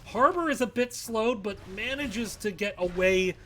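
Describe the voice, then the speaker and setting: A man giving live play-by-play commentary on an esports match, calm between plays and shouting with excitement at big fights. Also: high voice, a little slow, slight background noise. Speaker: esports caster.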